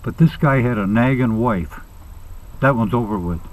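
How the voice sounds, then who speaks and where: A man's voice: medium pitch, moderate pace, darkish tone, rough recording. An older man telling jokes casually, rambling and chuckling at his own punchlines. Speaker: joke teller.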